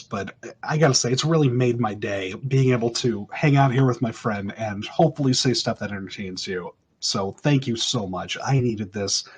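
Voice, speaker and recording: A man's voice: mid-range voice, breathy edge. A man joining a comedy panel over a video call, giving friendly, laid-back thanks and banter. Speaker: fellow comedian and co-host. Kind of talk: casual chat.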